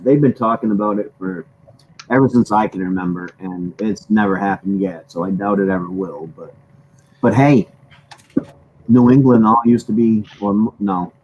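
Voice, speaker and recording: Low-voiced folksy man with a Maine accent. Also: darkish tone, lo-fi sound, slight background noise. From Maine, USA. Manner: folksy, rambling, throat-clearing. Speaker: host. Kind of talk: casual livestream chat.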